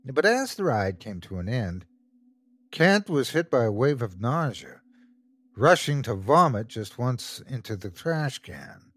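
A man's voice: mid-range voice, sing-song, a little slow, a bit bright, no room sound. A man narrating a scripted horror story as the show's host, telling it expressively.

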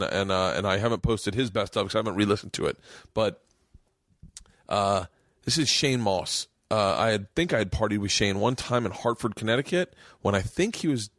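A man hosting a podcast, introducing a clip in a rambling, casual way with many pauses and restarts. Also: lowish voice, a bit bright, no room sound, studio quality. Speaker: podcast host.

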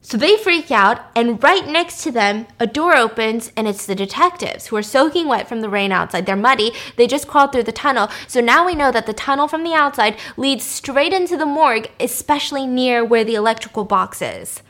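A woman with a slightly high voice tells a story in a loose, casual recap. She talks in a chatty way, with plenty of fillers and asides. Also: a little fast, few pauses. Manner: chatty, many fillers, animated acting of quotes. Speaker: show recapper.

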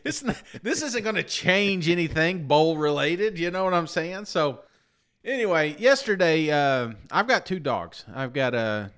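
He's a podcast co-host with a slightly high, fairly bright voice, lively in intonation but unhurried. Sleepless and tired, he tells a long, wandering, self-deprecating story in relaxed conversation, sprinkled with "you know what I'm saying."

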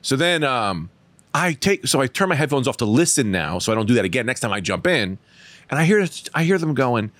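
A male stand-up comedian hosting a podcast, telling a story in a casual comedic way, laughing often and acting out shouted quotes. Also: mid-range voice, sing-song, fairly quick, no echo.

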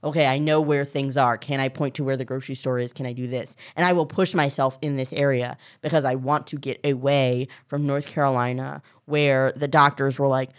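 A woman comedian as a podcast guest, telling a story in a lively way and acting out the people in it. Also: very deep voice, brisk, few pauses. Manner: animated storytelling, acts out quoted people. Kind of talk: casual podcast conversation.

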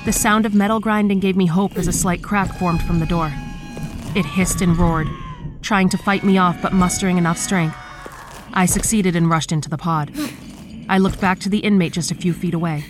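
A woman narrating a horror story in a steady, measured storytelling manner. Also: fairly low pitch, over music. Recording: clear background noise.

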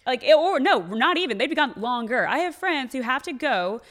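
A woman's voice: sits high, sing-song, brisk, fairly bright tone. A woman in her thirties, a mother co-hosting a podcast, speaking candidly in casual chat. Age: 30s.

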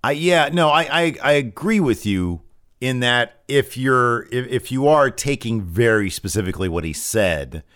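A man's voice: mid-range voice, animated, normal speed, a bit bright, no room sound, studio quality. A man co-hosting a wrestling podcast, recapping matches in casual chat with many restarts and fillers. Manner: rambling, frequent restarts and fillers.

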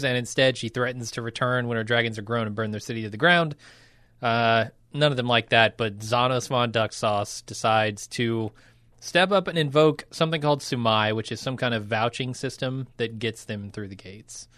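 A man's voice: mid-range voice, normal speed, fairly bright tone, dry recording, clean studio sound. Wry man recapping on a podcast. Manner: wry, laughs often. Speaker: podcast co-host. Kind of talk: casual chat, recapping an episode.

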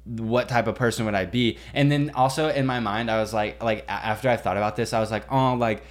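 A young man co-hosting a podcast, telling a story in casual chat, animated and full of swearing and "like". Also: lowish voice, brisk. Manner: animated, swearing, heavy use of "like". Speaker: podcast co-host.

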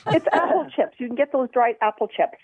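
A woman calling in to a radio quiz game, excited and giggly. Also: a little high, brisk, slightly rough, no echo, poor audio. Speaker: caller.

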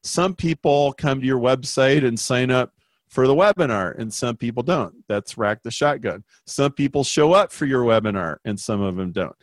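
A man telling an anecdote in a lively, conversational way, acting out the voices of the people in it as a guest explaining marketing. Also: medium pitch, moderate pace, dry recording. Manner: animated, acts out quoted voices. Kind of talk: conversational storytelling.

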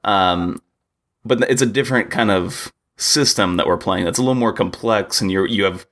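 Low gravelly man chatting about football. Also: moderate pace, fairly bright tone. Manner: rambling, hesitant, many fillers and restarts. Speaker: podcast co-host. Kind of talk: casual sports chat.

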